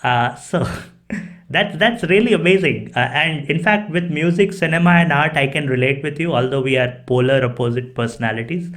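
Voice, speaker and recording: A man's voice: on the high side, normal speed, a bit bright. Effusive man hosting a podcast. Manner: effusive, repeats "right?" and "cool". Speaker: podcast host. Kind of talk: casual interview.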